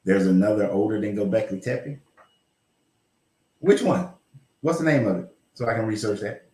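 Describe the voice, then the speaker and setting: A man's voice: lowish voice, moderate pace, mellow, echoey room. A man hosting a casual livestream chat, blunt and rambling, with profanity and laughs. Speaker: host.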